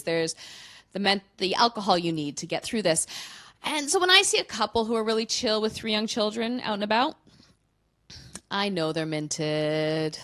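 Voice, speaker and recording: A woman in her thirties performing a stand-up comedy set, telling candid, self-mocking stories with quick punchlines. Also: mid-range voice, pushed and bright. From Canada.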